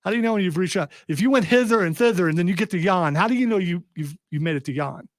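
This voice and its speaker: A man's voice: sits high, fast, dry recording. A man hosting a radio talk show in a studio, rambling and joking through the rundown. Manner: rambling, playful, jokey. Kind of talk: casual studio banter. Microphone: studio microphone.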